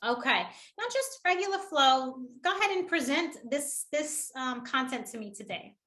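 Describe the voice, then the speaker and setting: A woman leading an online public speaking workshop, energetic and encouraging, often laughing. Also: high voice, normal speed. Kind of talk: upbeat online workshop coaching.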